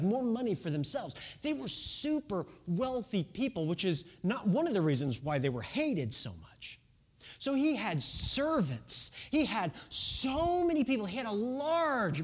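A man preaching a casual, conversational sermon, retelling a Bible story and checking in with "right?". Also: sits high. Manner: sings a children's song.

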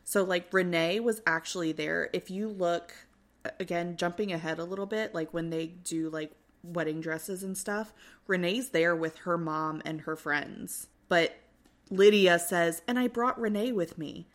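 A woman co-hosting a podcast, casually recapping a reality show, animated and swearing freely as she acts out what people said. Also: on the low side, measured pace. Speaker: podcast co-host.

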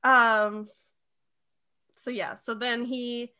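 A woman hosting a casual podcast chat, retelling a TV episode in a lively way with lots of fillers. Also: on the high side, drawn-out words, clear, resonant tone. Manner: animated retelling, slipping into quoted voices; frequent fillers and "like". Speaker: podcast co-host.

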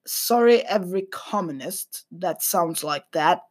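Slow, husky young man rambling. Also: high voice. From Sweden. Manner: hesitant, full of restarts, dry deadpan humor. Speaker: vlogger. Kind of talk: casual rambling commentary. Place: at a computer desk. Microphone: computer mic.

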